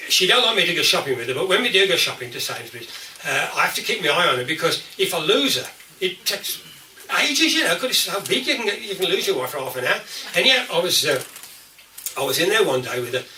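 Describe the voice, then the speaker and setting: A man's voice: a little high, pushed and bright, a little hiss or hum. An older man with a Black Country accent telling comic stories to a folk club audience, chatty and laughing through his jokes. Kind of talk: comic storytelling to a live audience. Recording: distorted, roomy live recording from a distance.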